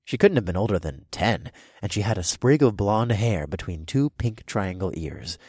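A man narrating a first-person fantasy audiobook in an expressive, wry storytelling manner. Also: on the low side, normal speed, breathy edge, dry recording, clean studio sound.

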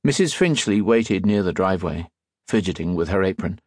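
A male audiobook narrator reads with expressive storytelling. His voice is low and husky with a lively, swinging pitch, recorded close and dry. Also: moderate pace, dry recording. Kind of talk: scripted narration.

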